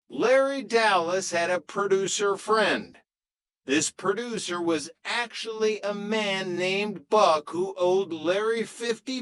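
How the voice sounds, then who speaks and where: A man narrating a comic story as a scripted storybook reading, in an even, unhurried way. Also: high-pitched, no room sound, poor audio.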